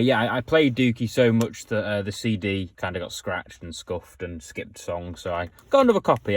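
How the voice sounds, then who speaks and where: A young man casually chatting through his music collection, enthusiastic and full of fillers like "so, yeah". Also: lowish voice. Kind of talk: casual show-and-tell vlog.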